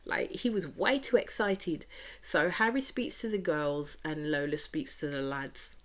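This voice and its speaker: A woman's voice: sits low, measured pace. A woman with a Birmingham accent giving a chatty, opinionated reaction review of a reality show, often repeating stock phrases.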